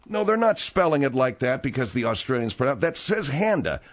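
A man's voice: medium pitch, a little fast, slight background noise. A man hosting a comedy talk radio show, reading news items and bantering with exasperated humor. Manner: animated, exasperated, jokey. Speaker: radio host.

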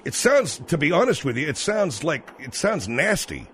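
Male talk-radio host; animated, exasperated, faint noise behind. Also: fairly high pitch, moderate pace. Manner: incredulous, exasperated questioning. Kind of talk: comedic radio talk show.

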